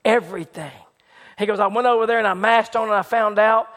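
A man preaching a sermon who retells a story dramatically, rising to excited shouts and dropping to hushed low passages. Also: fairly quick.

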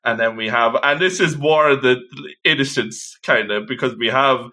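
A man's voice: medium pitch, normal speed, sharp tone. A man co-hosting a casual chat about a comic, enthusiastically retelling scenes and acting out lines. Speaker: co-host discussing a manga chapter.

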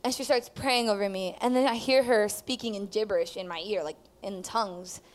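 A woman's voice: mid-range voice, fairly quick. A woman telling her personal testimony at church, rambling with many fillers as she tells the story. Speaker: student giving testimony.

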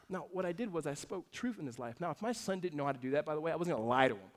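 A man in his thirties, a pastor giving a sermon in a conversational way that moves between emphatic lines and hushed ones. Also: on the high side, animated, very fast, few pauses.

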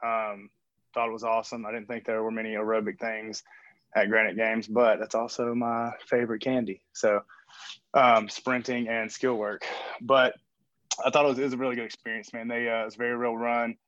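A man's voice: mid-range voice, level tone, a little fast, fairly bright tone, no echo. A man talking as a coach and guest on a remote call from a gym, rambling and joking with lots of fillers. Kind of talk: casual interview chat. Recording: dull dry remote call audio.

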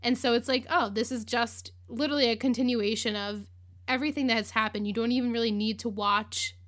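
A woman's voice: on the high side, fairly even intonation, a little fast, fairly bright tone. A woman hosting a podcast, recapping an episode in casual chat, with lots of "like", acted-out quotes and laughter. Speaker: podcast host.

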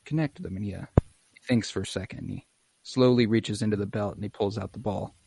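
A man's voice: lowish voice, fairly even intonation, brisk, vocal fry, warm tone, husky, no echo. Young man retelling a show, dry close mic. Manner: acts out lines in exaggerated voices, swears casually. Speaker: podcast co-host recapping an episode. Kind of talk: casual chat, animated retelling.

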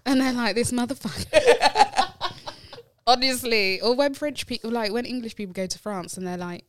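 A woman's voice: fairly high pitch, normal speed, noisy background. A woman co-hosting a casual podcast chat, telling stories with lots of giggling. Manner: giggly, storytelling, mimics accents. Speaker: podcast co-host.

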